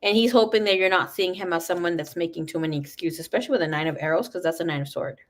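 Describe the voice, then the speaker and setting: A young adult woman giving a live tarot reading, talking frankly and swearing freely. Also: lowish voice. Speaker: tarot reader.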